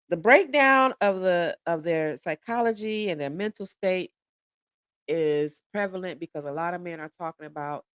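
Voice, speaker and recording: A woman's voice: low voice, no room sound, clean studio sound. Blunt, profane woman in her forties. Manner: blunt, profane and emphatic, restarting and repeating words. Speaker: podcast speaker. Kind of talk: candid podcast monologue.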